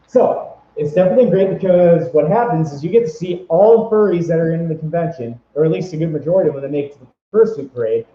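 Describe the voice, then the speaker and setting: A man's voice: a little high, quick pace, few pauses. A man casually giving tips in a vlog, rambling and upbeat with lots of fillers and restarts. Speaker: vlogger giving convention tips. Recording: echoey room, dull lo-fi sound.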